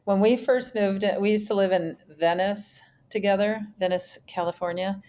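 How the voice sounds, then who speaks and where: A woman's voice: mid-range voice, fairly even intonation, normal speed, dark tone. A middle-aged woman co-hosting a podcast and telling a rambling story in a dry, casual way. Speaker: podcast co-host.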